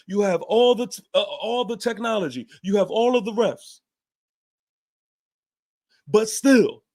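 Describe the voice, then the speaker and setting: A man's voice: high-pitched, a little mellow. A man hosting a fan show, giving a heated, emphatic post-game rant with casual swearing and repeated points.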